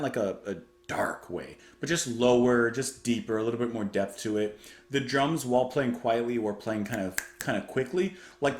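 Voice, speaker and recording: A man's voice: mid-range voice, a bit bright, echoey room. A man giving casual reaction commentary on music, chatty and thoughtful as he muses aloud.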